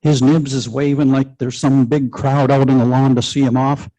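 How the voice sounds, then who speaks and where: A man's voice: medium pitch, little pitch movement, normal speed, warm tone, rough recording. A man reading his story aloud at a live literary event in dialect, with dry folksy humour and colloquial grammar. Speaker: reader at a live literary open mic.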